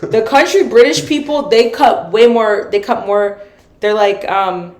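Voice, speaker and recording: A woman's voice: mid-range voice, a little slow, a little mellow. An American woman co-hosting a casual podcast chat, talking over her partner and repeating words as she goes. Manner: talks over others, repeats words while finding them. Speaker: podcast co-host. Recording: echoey room.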